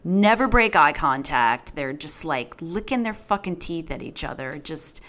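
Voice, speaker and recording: Woman, low voice, podcast co-host, blunt, profane, rambling. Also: animated, a little slow, a bit bright, slight background noise. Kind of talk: casual movie chat.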